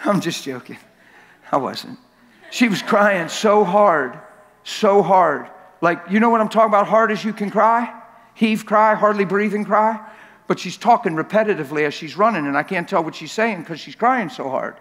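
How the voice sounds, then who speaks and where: A man with a high voice preaches a sermon in a church sanctuary. He tells stories with a lot of repetition and swings from quiet asides to loud shouts. His voice trails off into a long, echoing hall reverb. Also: normal speed. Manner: animated, repetitive storytelling that swells to shouting.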